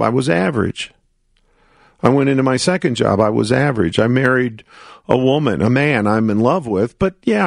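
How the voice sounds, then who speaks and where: A man with a gravelly, rough-edged voice hosts a motivational coaching radio show. He speaks emphatically, asks rhetorical questions and plays out his listeners' doubts in their own words. The sound is dry and close to the mic, with no room around it. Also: mid-range voice, no room sound.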